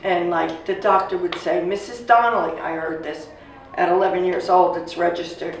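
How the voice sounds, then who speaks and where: Woman in her 60s, casual storytelling, animated, very echoey room, faint background noise. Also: fairly low pitch, moderate pace, distant mic. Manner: animated, acts out quoted voices. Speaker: family member telling a story.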